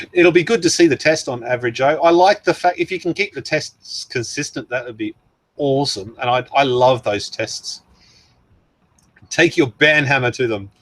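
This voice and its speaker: A man's voice: mid-range voice, normal speed, a bit bright, dry recording. A man with an Australian accent, hosting a casual livestream, rambling and laughing as he answers viewers. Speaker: livestream host. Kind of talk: casual livestream chat reading comments.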